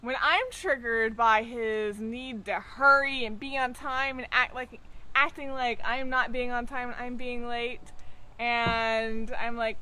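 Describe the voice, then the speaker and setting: A woman, a tantra teacher, telling a personal example in slow, unhurried casual chat. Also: on the high side, steady tone, bright, forceful tone.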